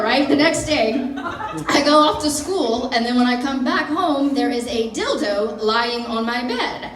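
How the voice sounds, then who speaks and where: A woman, telling an animated, self-mocking stand-up story. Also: sits high, unhurried. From Mississippi, USA. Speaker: stand-up comedian. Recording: roomy, from far off.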